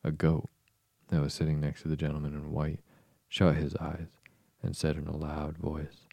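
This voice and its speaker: A man narrating an audiobook in a measured, even way. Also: extremely low pitch, creaky, no room sound.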